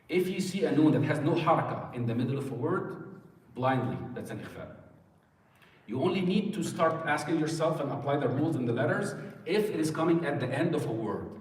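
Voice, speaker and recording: Man teaching a recitation class, heard from far off in a big echoing hall, even mid-range pitch. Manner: patient, asks students questions. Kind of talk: classroom lesson. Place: mosque hall. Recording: echoey hall, mic far off.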